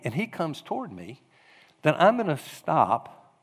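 Man, pastor, conversational sermon, acts out quotes, lively intonation, reverberant hall. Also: fairly high pitch, normal speed, creaky. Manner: storytelling with animated acted-out quotes.

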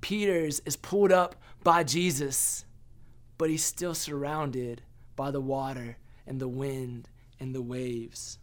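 A man's voice: medium pitch, steady tone, slow. A young man giving an earnest sermon as a pastor, often restarting and repeating words.

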